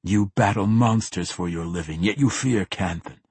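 A man voicing a cold, menacing assassin in a fantasy audiobook, speaking in a calm, measured, threatening way. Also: on the low side, slightly rough, no room sound. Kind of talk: audiobook character voice.

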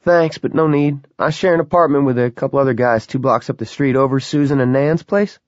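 A man voicing an eager, excitable young male student who is quick to raise his voice. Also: medium pitch, dry recording, muffled recording, pitched above the performer's own voice, natural voice. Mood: cheerful.

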